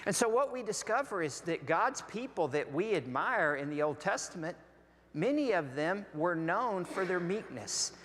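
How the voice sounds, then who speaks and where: A man with a Southern American accent preaching a sermon as pastor, slow and deliberate with long pauses. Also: fairly high pitch, fairly bright tone. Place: large church sanctuary. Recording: long hall reverb.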